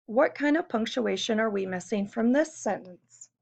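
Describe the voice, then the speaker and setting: A woman's voice: fairly high pitch, expressive, normal speed, vocal fry, few pauses, a little mellow. A woman teacher giving a recorded classroom lesson, explaining patiently step by step and posing questions to her students. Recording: dull lo-fi recording.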